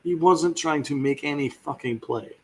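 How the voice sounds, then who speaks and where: A man's voice: fairly high pitch, moderate pace, a little mellow, husky. A man hosting a sports podcast, ranting with fiery sarcasm and heavy swearing. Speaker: podcast host.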